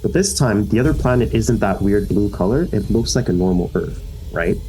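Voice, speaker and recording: A man's voice: lowish voice, expressive, moderate pace, warm tone, soft background music, low-quality recording. A man narrating a tabletop game as game master, telling the story with energy and many fillers.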